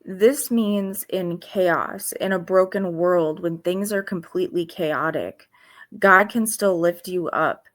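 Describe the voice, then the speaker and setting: A woman giving informal devotional teaching in an earnest, halting way, with pauses and restarts. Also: lowish voice. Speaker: faith video host.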